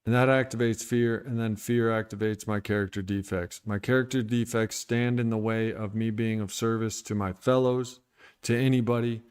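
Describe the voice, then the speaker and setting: A man's voice: lowish voice, fairly even intonation, moderate pace, darkish tone, smooth. A man talking candidly and bluntly about his recovery on a livestream, irritated and venting with profanity. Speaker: recovery streamer.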